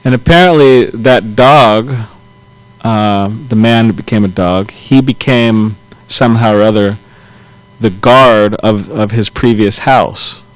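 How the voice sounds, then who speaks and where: A man giving a scripture class, retelling a story in a loose, halting way with frequent chuckles and self-corrections. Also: fairly low pitch, rough recording. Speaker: temple class speaker.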